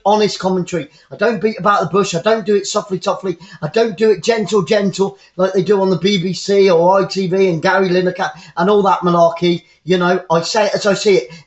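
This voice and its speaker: A high-pitched man calls a football match live as a fan commentator, blunt and opinionated, often repeating himself. His voice rings in an echoey room.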